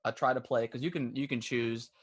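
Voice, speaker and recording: Man, podcast co-host, casual and rambling, mid-pitched voice. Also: steady tone, a little fast, breathy edge. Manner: rambling, many restarts and fillers; laughs while retelling stories. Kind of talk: casual chat.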